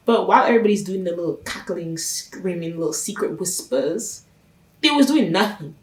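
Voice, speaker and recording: A woman's voice: fairly low pitch, animated, normal speed. A woman hosting her own channel, recapping a TV series in a chatty, gossipy way and stressing her points by repeating them. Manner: chatty, gossipy, emphatic with repetitions. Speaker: reaction channel host. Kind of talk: casual TV recap commentary. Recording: roomy sound from a distance off the mic.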